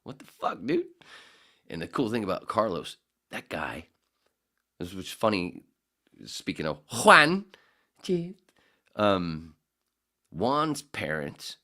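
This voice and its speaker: A man in his forties hosting a podcast, rambling casually with profane jokes and quick impressions. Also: low-pitched, big pitch swings, pushed and bright. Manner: profane, jokey, slips into impressions. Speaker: podcast host.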